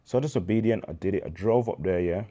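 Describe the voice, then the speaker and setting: Low, dark-voiced Birmingham man storytelling. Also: fast. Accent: Birmingham English. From England. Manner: animated, preacherly storytelling with slang. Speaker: guest, charity founder. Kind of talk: casual interview chat.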